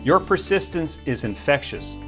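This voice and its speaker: A man's voice: a little high, expressive, moderate pace. A man speaking straight to the camera with short, punchy motivational points. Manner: crisp, punchy short statements. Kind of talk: direct-to-camera motivational talk. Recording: faint music underneath.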